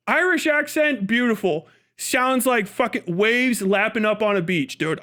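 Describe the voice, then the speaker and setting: A man's voice: extremely high pitch, a bit bright. A man hosting a livestream, reacting with profane, mocking commentary and frequent laughter. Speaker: livestream host.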